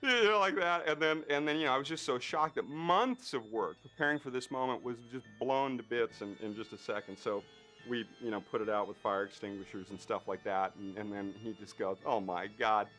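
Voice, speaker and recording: A male special effects artist tells an anecdote in an interview. His voice sits a little low, and he gets animated, throwing in plenty of fillers and acting out other people's lines. Faint music plays underneath. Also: a little fast.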